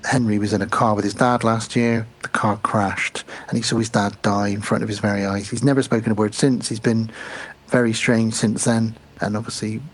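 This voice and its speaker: A man co-hosting a podcast, recapping a film scene by scene in casual chat and dropping into quick quotes. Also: lowish voice, little pitch movement, poor audio. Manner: retells scenes with quick acted quotes and laughs. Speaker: podcast co-host.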